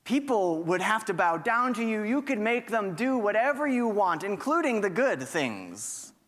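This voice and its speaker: A cunning male accuser spirit that taunts and needles with mocking questions, as a preacher puts him on. The voice sits fairly high and moves slowly. A long hall reverb trails behind every word. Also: very animated, fairly bright tone, exaggerated voice. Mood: alluring.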